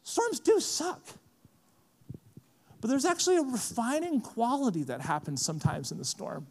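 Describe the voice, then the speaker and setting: A man preaching a sermon in a casual, animated way, often saying "like", at a conference. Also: very high voice, moderate pace, big-room sound, slight background noise. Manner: lively, casual, frequent "like" fillers. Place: large conference hall.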